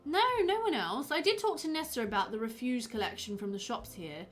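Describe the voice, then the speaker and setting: A woman's voice: on the high side, lively intonation, a little fast, faint music behind, natural voice. A woman reading a chatty, fussy village pharmacist. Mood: gossipy.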